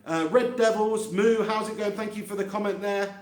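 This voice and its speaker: A man's voice: high voice, normal speed. A man hosting a live fan reaction stream, chatting casually, laughing often and reading out viewer comments. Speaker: fan channel host. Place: empty room. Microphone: handheld mic close to face. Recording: echoey empty room.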